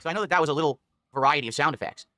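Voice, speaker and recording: A man's voice: on the high side, very fast, sharp tone, no room sound. A man explaining his new microphone to viewers in a defensive, rambling way. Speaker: content creator reviewing a microphone. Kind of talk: product talk to viewers.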